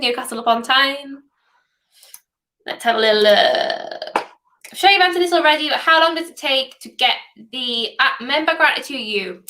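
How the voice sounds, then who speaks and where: Bright-voiced young woman with a softened Geordie accent. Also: on the high side. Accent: softened Geordie, somewhat posh. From northeast England. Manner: chatty, reads questions aloud, hums while waiting. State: sore throat. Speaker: hackathon livestream host. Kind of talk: casual livestream Q&A.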